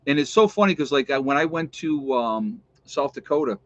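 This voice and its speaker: A man's voice: medium pitch, expressive, moderate pace. Chatty upstate New York man, lo-fi. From New York State. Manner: rambling, chatty, laughs often, reads live chat. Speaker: vlogger. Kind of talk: casual chat to viewers. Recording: dull lo-fi sound.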